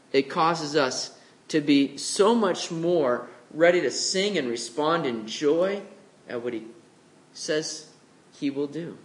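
A man preaching a conversational sermon, who acts out the voices of the people with big jumps in pitch. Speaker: pastor. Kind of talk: expository sermon.

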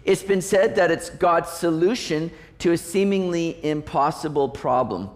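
High-voiced male pastor preaching. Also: measured pace. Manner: conversational, with rhetorical questions and frequent restarts. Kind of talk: sermon.

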